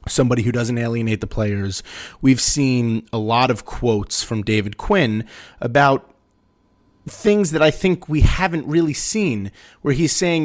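A man hosting a casual sports podcast, teasing his co-host and then giving earnest, opinionated analysis. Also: medium pitch.

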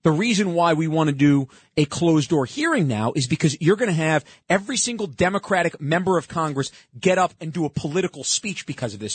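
A man's voice: a little high, slightly rough, no room sound. A man hosting a talk show, commenting sarcastically on played clips and often cutting in.

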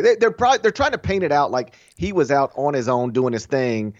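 A man co-hosting a sports podcast in casual chat, opinionated and animated, acting out the voices he quotes. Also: mid-range voice, brisk, few pauses, no echo, dull audio. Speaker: college basketball podcast co-host.

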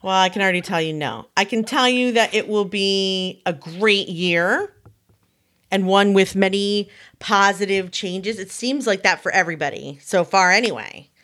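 Lively woman in her 40s telling stories on a podcast, bright voice. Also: mid-range voice, moderate pace. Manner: animated storyteller who acts out quotes. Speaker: podcast co-host. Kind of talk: casual chat.

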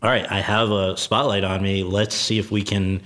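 A man hosts an interview and frames his questions at length. He speaks in a measured, thoughtful way, restarting phrases as he thinks. His voice sits on the low side. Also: little pitch movement, a bit bright. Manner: measured, reads quotes, thinks aloud with restarts. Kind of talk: conversational interview.

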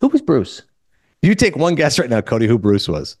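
A middle-aged man hosting a podcast, telling a story in casual chat and quoting people in quick back-and-forth. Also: mid-range voice, breathy edge, dry recording, clean studio sound. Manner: animated, quotes others in quick back-and-forth. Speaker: podcast host.

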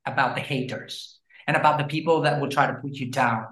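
A man's voice: medium pitch, a little fast. Chatty man in a roomy echo. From Brazil. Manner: animated, chatty storytelling with frequent fillers. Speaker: guest, language educator. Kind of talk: casual interview chat.

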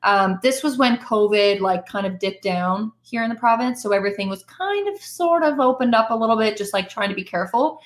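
A woman's voice: fairly high pitch, expressive, fairly quick, few pauses. Woman, twenties, candid, self-deprecating, echoey room. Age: 20s. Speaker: guest musician. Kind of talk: casual interview chat. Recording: roomy echo.

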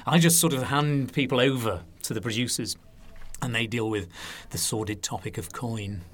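A man's voice: mid-range voice, moderate pace. A man with a slightly northern English accent, a wine TV presenter telling anecdotes as a guest in a casual interview. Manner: lively anecdotal storyteller.

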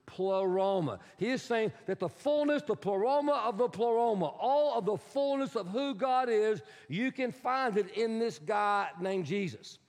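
A man's voice: high-pitched, lively intonation, moderate pace, hardly any pauses, a little mellow. A man preaching a sermon as pastor, teaching emphatically and repeating key words, with prompts to the congregation. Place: church sanctuary. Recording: long hall reverb.

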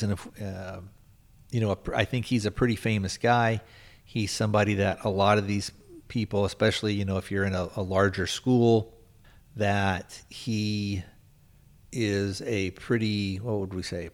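A man hosting a podcast, casually recapping a film's plot in a rambling, hedging way with lots of filler words. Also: lowish voice. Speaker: podcast host reviewing a film.

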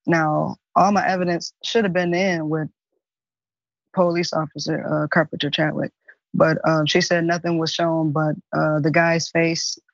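A woman answers interview questions hesitantly, filling her pauses with ums. Her delivery is flat and even. The audio is dry and muffled. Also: low-pitched, creaky, dry recording. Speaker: interview guest.

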